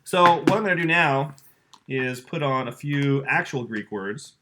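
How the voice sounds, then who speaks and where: A man's voice: mid-range voice, lively intonation, a little slow, sharp tone, a little hiss or hum. A man teaching a casual lesson, talking straight to the kids and their parents with eager enthusiasm. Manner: enthusiastic, chatty, addresses the kids directly. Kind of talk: informal home-school lesson.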